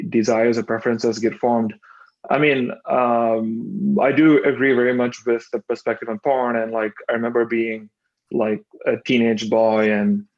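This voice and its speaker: A man's voice: mid-range voice, a little mellow, highs cut off. A man in his twenties joining a casual discussion on a video call, talking tentatively and searching for his words. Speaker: audience participant.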